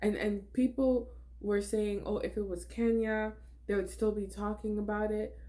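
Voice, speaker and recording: A woman's voice: medium pitch, flat delivery, moderate pace, mellow. A young woman giving blunt, exasperated commentary on a reality TV episode, laughing often as she reacts. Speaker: reality TV recap vlogger.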